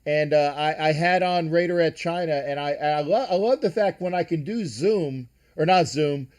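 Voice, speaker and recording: A man's voice: fairly high pitch, normal speed, darkish tone. Rambling older man hosting a sports show. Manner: rambling, profane, many restarts. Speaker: host of a sports talk show. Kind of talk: casual live-stream sports chat.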